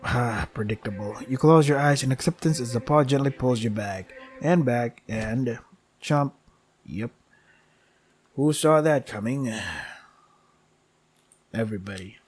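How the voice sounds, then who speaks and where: A man playing through a visual novel, reading its text aloud and muttering dry, sarcastic asides between lines, often with a sigh. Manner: sighs often, asides drop soft and low. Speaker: let's play gamer.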